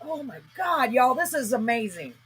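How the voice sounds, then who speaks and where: A woman's voice: high voice, big pitch swings, normal speed, heavy background noise. A woman hosting a live paranormal spirit-box session, talking earnestly and emotionally as she calls out to spirits. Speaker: host.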